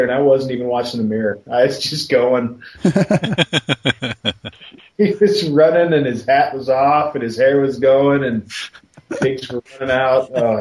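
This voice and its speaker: A man of medium pitch telling stories in a relaxed, folksy way, often laughing at his own memories. The sound has a roomy echo around it, as if he sits in an open room. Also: slight background noise. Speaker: podcast co-host. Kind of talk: casual storytelling.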